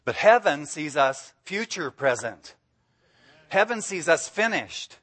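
A man's voice: on the high side, sing-song, takes it slowly, fairly bright tone, breathy edge. A man preaching as a guest speaker, enthusiastic and emphatic, often breaking into laughter. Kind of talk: sermon.

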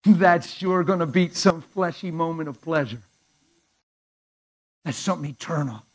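A fervent male preacher tells a story in a slightly higher voice. He talks to his listeners conversationally and often sinks to a hushed near-whisper. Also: measured pace, poor audio. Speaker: pastor. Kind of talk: storytelling sermon.

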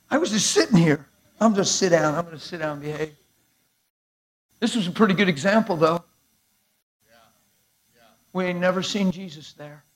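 A man preaching a sermon to a live congregation in an animated, conversational way, acting out dialogue as he goes. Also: high voice, moderate pace, pauses often. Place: church sanctuary before a live crowd.

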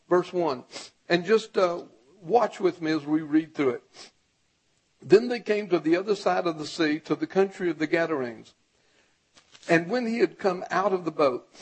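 A male pastor preaching a sermon, reading scripture aloud and urging the congregation, his voice rising to a shout when he exhorts them. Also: on the high side, husky, rough recording.

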